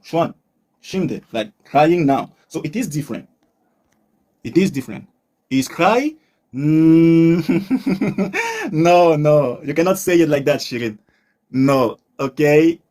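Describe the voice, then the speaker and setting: A man teaching English on a live stream, patient, repeating words slowly and mixing in Turkish for his learners. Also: on the high side, darkish tone. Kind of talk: live-stream language lesson.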